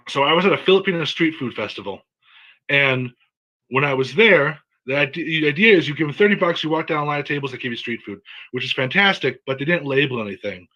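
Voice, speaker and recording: A man from San Diego doing a stand-up set, telling jokes and a story in a deadpan way. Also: a little high, dull audio. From San Diego, USA. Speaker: stand-up comic.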